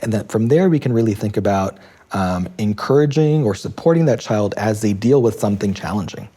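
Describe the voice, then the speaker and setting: A male expert speaks in a calm, measured interview tone. His voice sits low and mellow, with a slightly husky edge. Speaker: child mental health expert. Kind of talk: explanatory interview.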